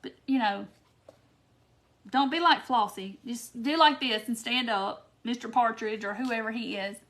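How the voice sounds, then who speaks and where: A woman's voice: fairly high pitch, a little slow, fairly bright tone. A woman hosting a live craft tutorial, chatty and laughing often as she reads viewer comments by name. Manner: giggly, keeps breaking into laughter. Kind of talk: casual live-stream chat.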